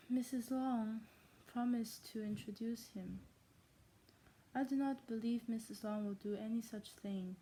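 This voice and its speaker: Halting reader in a fake German accent, a woman putting it on, mellow dark tone, stumbles and rereads. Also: medium pitch, a little hiss or hum, lightly acted, poor audio. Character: female reader of a classic novel in a mock accent. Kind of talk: reading aloud.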